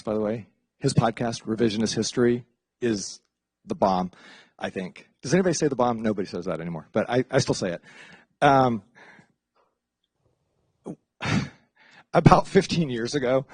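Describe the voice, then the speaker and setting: Middle-aged man, professor, casual lecture, animated, swooping pitch, dry close sound. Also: dry recording. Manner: chatty, animated, jumps into playful voices for asides. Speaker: psychology professor.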